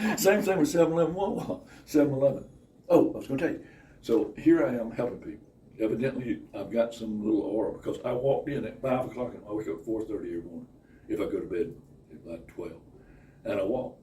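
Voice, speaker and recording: A man telling casual stories in an animated, profane way, acting out other people. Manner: animated, profane, acts out other people's voices with big pitch jumps and laughter. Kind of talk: casual anecdotal storytelling. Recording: slightly distant mic with faint room noise.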